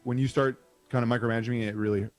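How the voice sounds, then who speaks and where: A man's voice: medium pitch, fairly even intonation, very fast, darkish tone, faint music behind. A man hosting and narrating a comedy script reading on a stream, flustered and self-deprecating. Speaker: narrator and show host.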